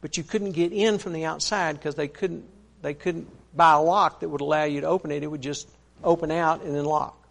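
A man's voice: on the high side, steady tone, fairly quick, creaky. A man preaching a sermon, retelling another man's story in a folksy, earnest way, with frequent "he said" asides.

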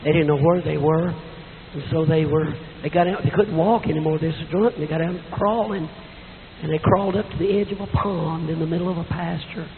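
A middle-aged man preaching a sermon in a church with a hoarse, weak voice, telling folksy stories with self-deprecating asides. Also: on the high side, fairly even intonation, a little fast. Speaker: visiting preacher. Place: church sanctuary. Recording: tinny echoey church recording with hiss.

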